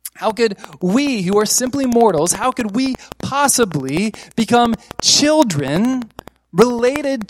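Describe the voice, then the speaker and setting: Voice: mid-range voice, slight background noise, poor audio. A preacher giving an earnest sermon, repeating key phrases for emphasis and asking one rhetorical question after another.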